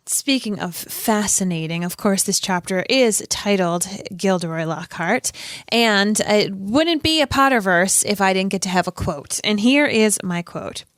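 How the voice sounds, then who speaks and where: A woman's voice: mid-range voice, lively intonation, a little slow, a bit bright, dry recording. A woman co-hosting a podcast in casual chat, upbeat as she reads out plugs. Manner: upbeat, promo-style plugs. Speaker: podcast co-host.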